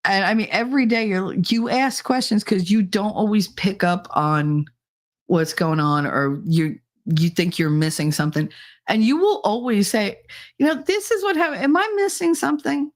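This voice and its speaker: A woman's voice: lowish voice, expressive, moderate pace. A middle-aged woman hosting a live podcast stream, chatting casually with viewers, teasing and swearing, often laughing. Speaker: livestream podcast host.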